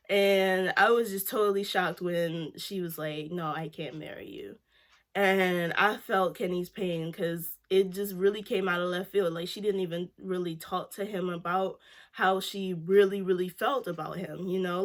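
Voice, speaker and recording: A woman giving a casual reaction chat on a TV show, filling her sentences with "like". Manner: chatty, fills every pause with "like"; lively, jumps up in pitch when reacting. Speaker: vlogger reviewing a TV show.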